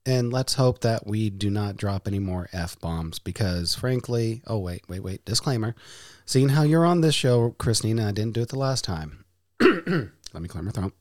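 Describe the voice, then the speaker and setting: A man's voice: lowish voice, sing-song, a little slow, darkish tone, no room sound, clean studio sound. A man hosting a casual podcast, playful, with hammy announcer-style flourishes. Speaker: podcast host.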